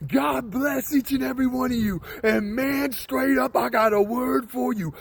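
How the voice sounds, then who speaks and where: A man preaching a casual street-style sermon in slang, retelling a scripture story and shouting for emphasis. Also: very high-pitched, fairly even intonation, normal speed, vocal fry, slightly rough.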